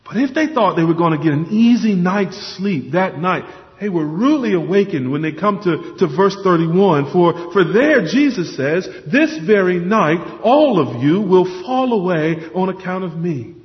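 A man's voice: sits high, expressive, moderate pace, hardly any pauses. Earnest male preacher in a reverberant hall. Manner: earnest, emphatic, repeats words when stressing a point. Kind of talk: sermon. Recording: dull lo-fi sound with long hall reverb.

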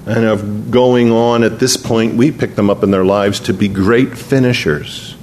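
A man's voice: on the low side, steady tone, unhurried, a little mellow, slight background noise. A man preaching a sermon in an earnest, conversational way, slipping into spoken prayer. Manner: earnest, conversational, prays aloud mid-sermon.

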